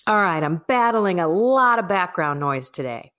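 A woman's voice: fairly low pitch, expressive, moderate pace, fairly bright tone. A woman hosting her devotional podcast in a chatty, emphatic way, recorded on a microphone in an echoing kitchen. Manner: chatty, emphatic, self-deprecating. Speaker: podcast host. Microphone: microphone with laptop. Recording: echoey kitchen with faint music.

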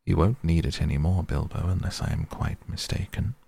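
A man putting on an old wizard with a very deep, gravelly, husky voice. He speaks quietly and deliberately, weighing each word. The sound is close and dry. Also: fairly even intonation, heavily acted. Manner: quiet, measured, thoughtful. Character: old male wizard, grave, watchful and patient.

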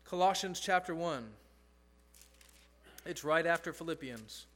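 A man's voice: a little high, expressive, a little slow, fairly bright tone. A man pastor preaching a sermon, earnest and emphatic, repeating key phrases for stress.

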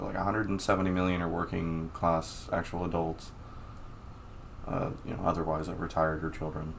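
Deep, gravelly man musing aloud. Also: a little hiss or hum. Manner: musing and laid-back, laughs often, swears. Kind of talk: casual chat.

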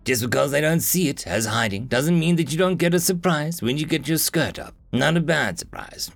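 A man voicing a crude, easygoing male fighter in an audiobook, speaking slowly and pleasantly with a teasing edge. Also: a little high, animated, creaky, soft background music, voice pushed up.

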